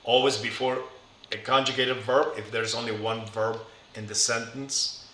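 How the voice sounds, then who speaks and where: A man's voice: medium pitch, flat delivery, moderate pace, pushed and bright. A middle-aged man teaching a recorded lesson, patient and careful, spelling out each form one by one. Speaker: Spanish teacher. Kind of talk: recorded classroom lecture. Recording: echoey room, faint background noise.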